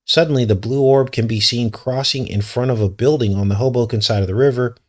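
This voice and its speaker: A man's voice: medium pitch, a little fast. A man hosting a news commentary vlog, reading articles aloud and breaking in with suspicious, skeptical remarks. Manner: suspicious, conspiratorial tone. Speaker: channel host.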